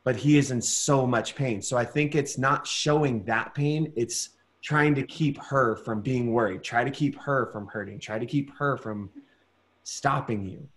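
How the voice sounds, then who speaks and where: Gentle encouraging male acting coach. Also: mid-range voice, unhurried. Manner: gentle, encouraging, searching for words. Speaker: masterclass teacher. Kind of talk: acting critique over video call. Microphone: video call.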